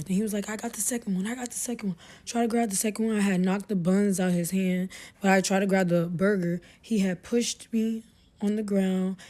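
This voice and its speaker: A woman's voice: medium pitch, mellow. A young woman telling a personal story to her viewers in a rambling, slangy way, recorded on her phone. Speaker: TikTok storyteller. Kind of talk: casual storytime rant.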